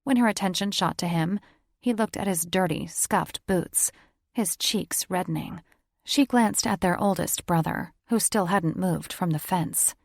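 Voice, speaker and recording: Low, gravelly woman narrating a romance. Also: measured pace, no echo, studio quality. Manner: steady storytelling. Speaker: audiobook narrator. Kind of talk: scripted narration.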